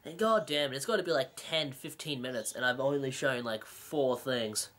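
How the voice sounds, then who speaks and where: A video game collector rambles through his recent purchases in a casual vlog, packed with sarcastic jokes, self-mocking asides and frequent laughter. The voice is medium in pitch and fairly bright in tone, at a moderate pace.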